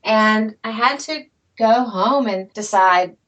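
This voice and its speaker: Lively woman telling her story. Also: a little high, takes it slowly. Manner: lively, self-deprecating storyteller, laughs often. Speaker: interview guest, author. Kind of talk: storytelling interview.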